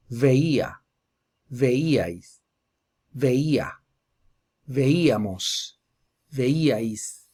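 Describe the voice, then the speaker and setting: A man teaching a Spanish grammar lesson, slowly drilling verb forms one at a time. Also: medium pitch, husky. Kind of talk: slow explanatory grammar lesson.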